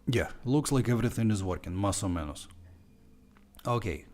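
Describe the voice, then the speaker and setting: Animated man with a heavy Russian accent. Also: fairly low pitch, normal speed. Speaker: online language teacher. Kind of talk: live-stream course walkthrough.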